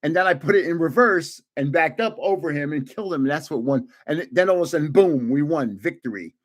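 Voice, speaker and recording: A slightly high, slightly fast voice comes from a man in his 70s hosting a livestream. He tells gaming stories casually, with animation, frequent laughter and restarts.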